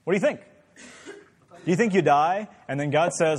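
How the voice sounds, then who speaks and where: A man's voice: on the high side, normal speed, big-room sound. A man leading an interactive Bible class, asking the group many questions in a conversational way. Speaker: Bible study teacher.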